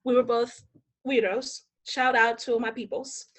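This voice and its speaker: A young woman from the Dominican Republic with a high voice tells her stories in a casual podcast interview. She is animated and slips into the voices of the people she quotes. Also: a little slow. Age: young adult. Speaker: podcast guest.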